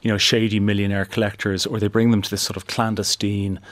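A man's voice: lowish voice, little pitch movement, quick pace, no echo. A man reviewing a film on a talk show, thoughtful and full of "sort of" and "you know". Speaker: film critic guest. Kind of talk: casual film review chat.

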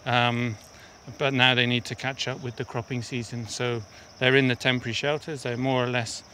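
A man's voice: mid-range voice, level tone, normal speed, sharp tone, a little hiss or hum. A man working as an aid worker, explaining things step by step in a field interview on a mountain path. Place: outdoors on a steep mountain path.

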